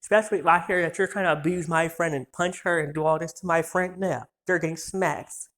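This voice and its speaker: A man's voice: a little high, steady tone, fairly bright tone. A man in his twenties telling a story in a heated, profane rant, so worked up that he trips over his words. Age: 20s. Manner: heated, profane, rapid-fire insults.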